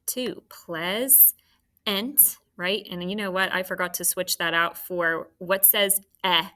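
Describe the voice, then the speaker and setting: A woman's voice: lowish voice, fairly even intonation, slow pace, pushed and bright. A woman teaching a phonics lesson to children, patient and encouraging as she sounds out words.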